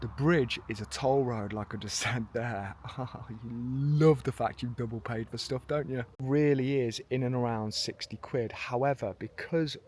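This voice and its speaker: A man's voice: mid-range voice, normal speed, hardly any pauses, a little mellow, slight background noise. A man from the UK with a British accent, rambling chattily and self-mockingly in a casual travel vlog, recorded outdoors in a park. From United Kingdom. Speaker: travel vlogger.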